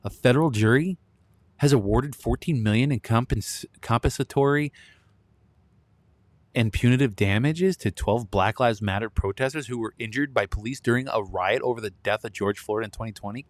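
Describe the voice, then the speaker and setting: A man's voice: medium pitch, moderate pace, no echo. A man in his thirties hosting a solo commentary show, blunt and ranting, often breaking into laughter. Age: 30s. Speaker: podcast host.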